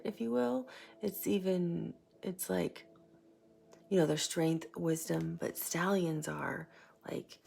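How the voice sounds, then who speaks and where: A woman giving a casual tarot reading, chatty and rambling, sometimes sinking into a soft whisper. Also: fairly low pitch, creaky, a little hiss or hum. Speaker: tarot reader.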